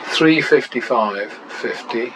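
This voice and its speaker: A man talks through practice casino betting in an unhurried, deliberate way. He mutters running tallies and breaks in with wry exclamations. A faint ambient hum sits behind his voice. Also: medium pitch. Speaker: channel host.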